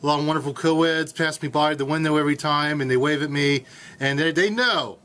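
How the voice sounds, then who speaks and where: A young man in his late twenties hosts a college radio show live from a campus studio. His voice sits a little high, and he clowns around in a goofy, playful way. He sounds like he is riffing, not reading a script. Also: brisk, fairly bright tone. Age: late 20s. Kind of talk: casual comedic radio hosting.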